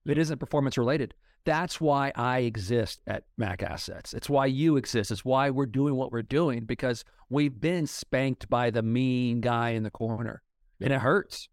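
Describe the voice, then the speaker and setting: A man's voice: medium pitch, unhurried, no echo, clean studio sound. A middle-aged man telling his story in a casual podcast interview, blunt and emphatic. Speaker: guest. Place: Denver.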